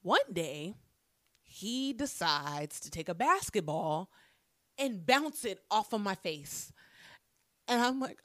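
A young woman telling a childhood story in a casual, animated way. She swears freely and acts out the lines people said. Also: medium pitch, slow, long pauses, dry recording, studio quality. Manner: animated, profane, acts out quotes.

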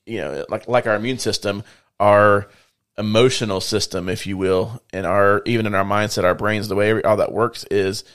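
A man's voice: on the low side, fairly even intonation, fairly quick, a bit bright. A man co-hosting a faith-based podcast, talking in a reflective, casual way and explaining with everyday analogies. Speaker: podcast co-host.

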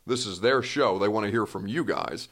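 A man's voice: on the low side, moderate pace, a bit bright. A man hosting a podcast in a casual, chatty way, with self-deprecating rambling asides. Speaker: podcast host. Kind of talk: casual chat.

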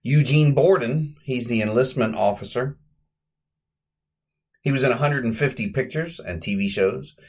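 A man's voice: medium pitch, moderate pace, long pauses, a little mellow. A man hosting a podcast, chatting casually through an old comedy short in a rambling way and correcting himself as he goes. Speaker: podcast host. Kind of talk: casual podcast film recap.

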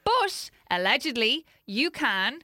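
A woman's voice: fairly high pitch, sing-song, slow, sharp tone, no room sound. An Irish woman co-hosting a podcast, chatty and giggly, hedging her stories. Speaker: podcast co-host. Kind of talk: casual chat.

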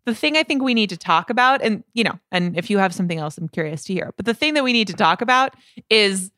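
A woman's voice: mid-range voice, bright, forceful tone, dry recording, clean studio sound. A woman co-hosting a podcast in casual chat, joking and posing questions to her partner. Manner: chatty, joking, poses questions. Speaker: podcast co-host.

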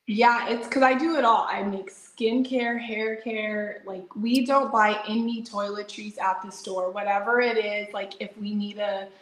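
A woman's voice: mid-range voice, unhurried, few pauses. Chatty woman in an echoey room. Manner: chatty, animated, frequent "like" fillers and laughs. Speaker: interview guest, entrepreneur. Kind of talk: casual storytelling interview.

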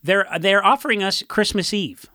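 A man's voice: high voice, moderate pace, bright, forceful tone, no room sound, clean studio sound. A man, a punk musician, chatting casually and rambling through stories with many restarts and fillers. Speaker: punk musician discussing a song. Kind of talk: casual chat.

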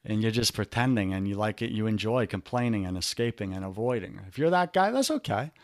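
Pushy New York coach pitching hard. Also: male voice, lively intonation, dry recording, studio quality. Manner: pushy, repeats web addresses slowly, rallying. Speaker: business and faith coach, podcast guest. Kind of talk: energetic sales pitch on a podcast.

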